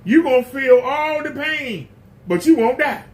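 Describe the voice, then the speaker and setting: A man's voice: extremely high pitch, expressive, a little slow. A man preaching a casual sermon in a blunt, emphatic, folksy way.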